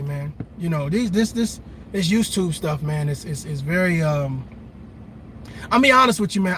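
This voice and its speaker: High bright-voiced man live from his car. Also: moderate pace, a little hiss or hum. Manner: animated, swears, laughs, talks to viewers. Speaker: livestream host. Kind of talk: casual live commentary. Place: parked car in a park.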